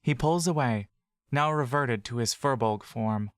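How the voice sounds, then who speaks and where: A man's voice: medium pitch, normal speed, no room sound. Man narrating a fantasy story, dry close sound.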